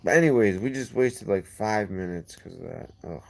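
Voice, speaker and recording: A man hosting a casual livestream, reading viewer comments and rambling, getting heated and fast when he defends himself. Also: fairly low pitch, lively intonation, gravelly. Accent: lazy-sounding regional accent. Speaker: livestream host.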